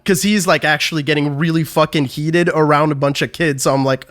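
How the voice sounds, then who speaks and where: A man's voice: a little high, fairly even intonation, a little fast, hardly any pauses, fairly bright tone. A man on a podcast telling a rambling, swear-heavy story in casual chat. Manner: profane, rambling anecdote with restarts. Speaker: podcast co-host.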